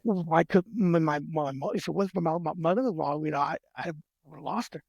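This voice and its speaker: A man's voice: fairly high pitch, gravelly, a little mellow, no room sound, highs cut off. A man, a military veteran, telling his personal story as a podcast guest, earnest and heartfelt, with frequent restarts and repeated words. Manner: earnest, heartfelt, retells conversations in quick back-and-forth.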